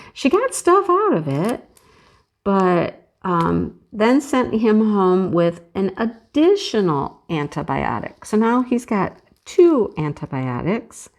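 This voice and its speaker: A woman's voice: mid-range voice, darkish tone. A middle-aged woman chatting casually while she works on a craft, telling a story in a chatty, sympathetic way and quoting what others said. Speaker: crafting channel host.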